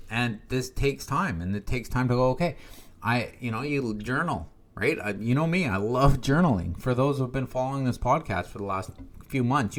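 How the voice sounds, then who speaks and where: A man hosts a wellness podcast in a relaxed, coaching way. His voice sits at a middling pitch, and he keeps it conversational, often ending a point with "right?". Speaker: podcast host. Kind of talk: casual spoken coaching monologue.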